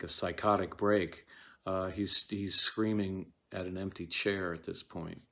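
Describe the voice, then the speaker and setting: A man giving a casual, animated lecture on a play, often acting out its lines. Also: on the low side. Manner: conversational, animated, acts out lines.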